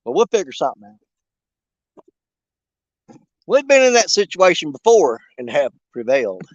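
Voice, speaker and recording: A man's voice: fairly high pitch, very animated, normal speed, no echo, dull audio. Joking man fishing outdoors. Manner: joking, rambling, folksy. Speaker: fishing vlogger. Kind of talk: casual livestream chat. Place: outdoors on a riverbank.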